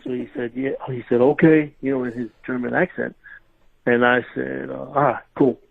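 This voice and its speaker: A man's voice: medium pitch, moderate pace, gravelly. A man, a former pro wrestler, telling backstage stories in a casual interview, laughing as he goes. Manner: animated storyteller, laughing through his stories. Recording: tinny phone-line audio.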